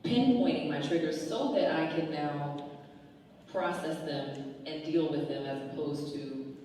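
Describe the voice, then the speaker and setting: A woman's voice: sits low, a little slow, warm tone, a little hiss or hum. A woman on a panel speaking thoughtfully and reflecting on her own experience. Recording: echoey hall from far off.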